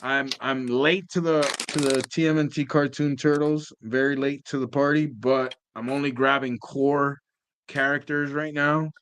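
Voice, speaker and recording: A man's voice: mid-range voice, steady tone, a little slow, fairly bright tone, slight background noise. A man co-hosting a casual toy-collecting chat, talking in a laid-back, rambling way and trailing off mid-sentence.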